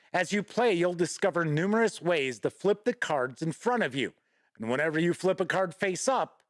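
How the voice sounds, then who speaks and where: A man's voice: high voice, dry recording, studio quality. A man hosting a live-streamed gaming news show, chatty and folksy, greeting viewers by name and reading out news. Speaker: host.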